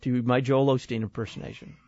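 A man's voice: mid-range voice, little pitch movement, fairly quick, a little mellow, dry recording, muffled recording. A man from Texas hosting a talk show and critiquing sermons. He speaks bluntly and wryly, often repeating words as he starts a point. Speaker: radio show host.

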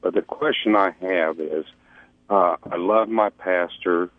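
A man calling in to a radio show, asking his question hesitantly with many pauses and fillers. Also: low-pitched, no echo. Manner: hesitant, full of "uh". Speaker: caller. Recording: tinny phone line.

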